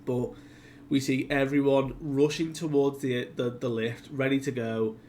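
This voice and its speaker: Recapping a manga chapter casually, this host speaks a little slowly in a mid-range, steady, darkish voice, with slight noise in the background. He chats with plenty of fillers and acts out what the characters say.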